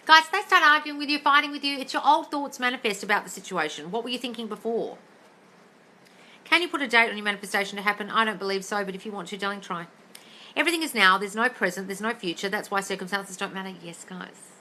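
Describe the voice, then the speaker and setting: A woman's voice: mid-range voice, fast talker, pushed and bright, a little hiss or hum. A woman coaching listeners in a casual live-stream Q&A, blunt and sweary, calling everyone darling. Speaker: manifestation coach answering live questions. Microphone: phone.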